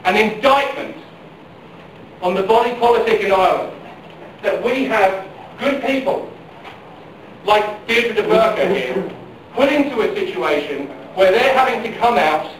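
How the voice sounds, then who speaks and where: A middle-aged man giving an impassioned political speech at a public forum, repeating questions and phrases for emphasis. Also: high-pitched. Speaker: campaign speaker at a public forum. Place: large public hall during a power failure. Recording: very echoey hall, picked up from far off, faint noise.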